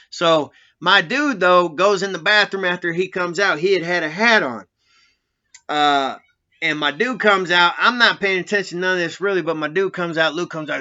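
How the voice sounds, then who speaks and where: Man, ex-con storyteller, rambling and foul-mouthed, cutting bright voice, dull recording. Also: on the high side. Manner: profane, laughing, rambling. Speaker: former prisoner telling stories. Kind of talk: casual storytelling.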